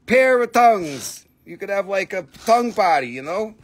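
High-voiced joking man selling rocks. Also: animated, normal speed. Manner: playful, jokey, auctioneer-like. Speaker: host selling minerals on a live stream. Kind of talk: live sales stream patter.

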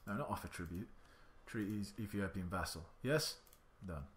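A man's voice: deep voice, moderate pace, a bit bright. A man giving indecisive let's-play commentary, muttering to himself and swearing now and then. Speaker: gaming channel host.

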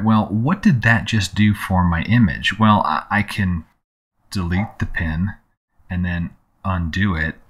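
A man with a notably deep, low voice walks through a screen-recorded editing tutorial. He talks loosely and conversationally, leaning on fillers like "you know" and "um" as he explains each step. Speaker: photography tutorial host.

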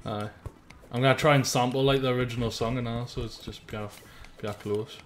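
A man's voice: medium pitch, steady tone, fairly quick, faint music behind. A young man chatting casually while playing a game, joking, swearing and laughing often. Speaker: gamer. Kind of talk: casual gaming chat.

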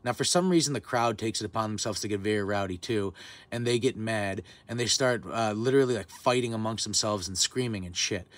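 A man's voice: on the low side, fairly quick, fairly bright tone. A man in his twenties telling a heated, profane story in a vlog rant. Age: 20s. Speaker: vlogger. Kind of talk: ranting storytime.

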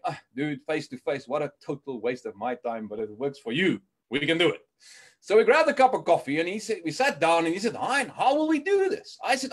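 Animated South African man telling a story. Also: fairly high pitch, husky. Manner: animated, acts out dialogue and stutters for comic effect. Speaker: motivational speaker. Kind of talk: storytelling keynote talk.

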